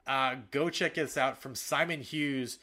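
A man co-hosting a soccer podcast in casual talk, animated and fired up, with frequent fillers and restarts. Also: mid-range voice, a little slow. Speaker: podcast co-host.

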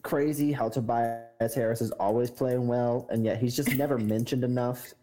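A man's voice: medium pitch, steady tone, moderate pace, dark tone, low-quality recording. A man co-hosting a casual sports chat, easygoing and agreeable, laughing often. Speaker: co-host.

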